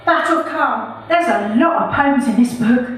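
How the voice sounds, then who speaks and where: A woman's voice: sits high, moderate pace, a bit bright, slight background noise. A woman performing her own poems live, chatty and playful between them. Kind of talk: live spoken-word poetry reading. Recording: echoey room from far off.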